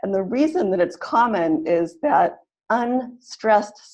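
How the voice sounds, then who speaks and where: A woman leading an online teaching webinar, explaining pronunciation slowly and modeling words syllable by syllable. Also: medium pitch, expressive, a little mellow.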